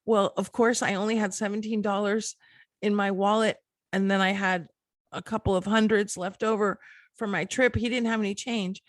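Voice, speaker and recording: A woman's voice: mid-range voice, fairly even intonation, normal speed, no room sound. A middle-aged woman hosting a motivational podcast, talking earnestly and encouragingly straight to the listener. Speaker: podcast host.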